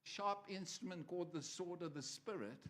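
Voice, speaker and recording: Brief: male preacher, high-pitched voice, chatty sermon delivery that jokes with the congregation. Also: normal speed, fairly bright tone. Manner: conversational, joking with the congregation. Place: church.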